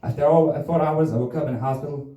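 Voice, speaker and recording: A man's voice: a little high, fairly even intonation, quick pace, warm tone, highs cut off. A man doing a crude, rambling stand-up comedy set and laughing at his own jokes. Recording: roomy, from a distance.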